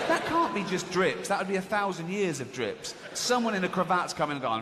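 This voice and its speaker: An English man doing a stand-up comedy set, swinging into high squeaky exclamations and quick impressions. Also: very animated. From England. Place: large theatre stage before a laughing audience. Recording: live hall recording with audience noise.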